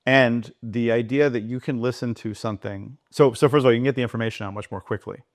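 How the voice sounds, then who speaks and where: A man speaking as a podcast guest, animated and digressive, talking in quick bursts. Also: medium pitch, no room sound, clean studio sound. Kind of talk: conversational interview.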